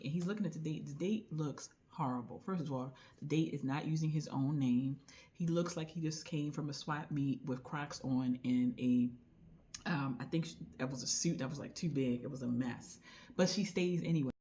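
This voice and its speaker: A woman recommending a book in a casual, chatty way, retelling the story with lively asides. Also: sits low. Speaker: book reviewer.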